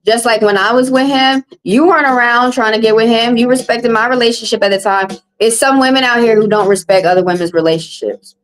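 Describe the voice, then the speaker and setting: A woman's voice: on the high side, brisk, hardly any pauses, low-quality recording. Blunt woman, casual live-stream tarot reader talking straight to her chat.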